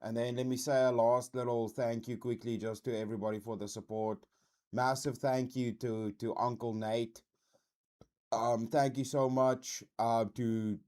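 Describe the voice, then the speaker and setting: A man's voice: mid-range voice, dark tone. A man hosting a livestream in casual chat, laid-back and peppering his talk with dude and bro. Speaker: livestream host.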